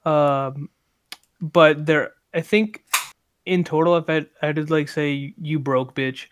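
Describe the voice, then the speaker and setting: A young man telling a work story on a podcast, animated, laughing mid-sentence and swearing freely. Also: on the high side, takes it slowly, slight background noise. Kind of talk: casual chat.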